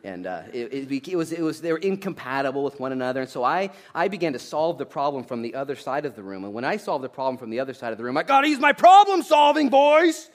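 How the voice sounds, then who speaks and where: A man in his thirties preaching a sermon, jokey and animated, swinging between loud bursts and quiet asides. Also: medium pitch, fast, hardly any pauses. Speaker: pastor.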